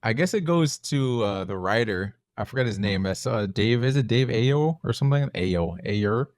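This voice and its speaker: A man co-hosting a casual film review podcast, talking in a relaxed, conversational way with loose fillers. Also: mid-range voice, moderate pace, no room sound, clean studio sound. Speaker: podcast co-host.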